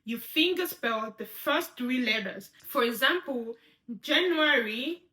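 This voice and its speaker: A woman's voice: sits high, expressive, takes it slowly, bright, forceful tone. A woman teaching sign language step by step, patiently repeating each word and checking in with her viewers. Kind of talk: step-by-step instruction.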